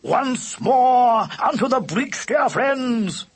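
A man voicing a proud, blustering male dog who is slow on the uptake in an audiobook. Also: a little high, wildly swooping pitch, creaky, fairly bright tone, husky, heavily acted. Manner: blustering, indignant.

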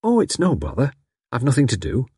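A man's voice: mid-range voice, wildly swooping pitch, a little fast, warm tone, husky, no room sound, clean studio sound, voice pushed up, full character voice. Man voicing a chatty, friendly country wife. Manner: rambling, homely talk. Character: friendly, chatty country housewife, a little odd.

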